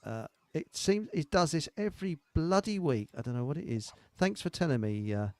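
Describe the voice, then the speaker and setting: A man's voice: on the high side, expressive, normal speed, a little mellow, no echo. A middle-aged man, hosting a live online show in a rambling, jokey chat and laughing at his own jokes. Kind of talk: casual chat.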